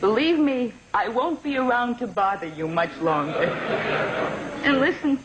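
A woman's voice: a little high, lively intonation, a little slow. A woman playing a doting, guilt-tripping older mother on the phone in a comedy sketch, with a sing-song, pleading, melodramatic manner. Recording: dull vintage recording with hiss.

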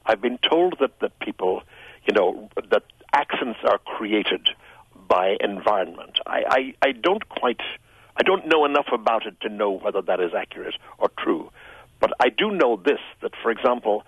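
An older Irish man talks on the radio with a lively, rising and falling melody. His voice is a bit husky and slightly low. It sounds dry and muffled, like a broadcast phone link. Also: moderate pace, dry recording. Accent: Irish, Tipperary, smoothed by years in London. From Ireland. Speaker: radio show guest, writer. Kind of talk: relaxed radio conversation.

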